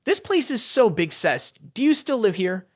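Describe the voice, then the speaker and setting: A man voicing a cheerful, innocent young girl who chatters brightly, in a story recap. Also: high-pitched, sing-song, moderate pace.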